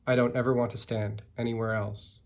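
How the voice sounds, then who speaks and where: A man voicing a stubborn male turtle who loves his spot, read in a flat, simple storybook way. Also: medium pitch, fairly quick, creaky, close to an everyday voice. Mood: plain.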